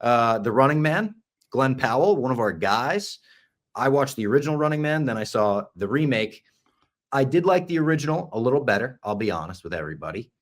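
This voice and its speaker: A man hosting a podcast, chatting casually and enthusiastically, sometimes dropping to a hush for asides. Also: medium pitch, big pitch swings, fairly quick. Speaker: podcast host.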